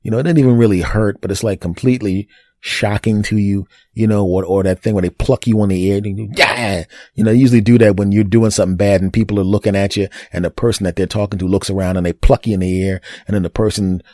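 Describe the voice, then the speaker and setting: A middle-aged man hosts a comedic solo podcast, wandering from thought to thought with plenty of restarts. His voice is deep and dark-toned, and it is recorded dry and close. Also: steady tone, fast talker, no echo. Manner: rambling, with lots of restarts and asides. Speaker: podcast host.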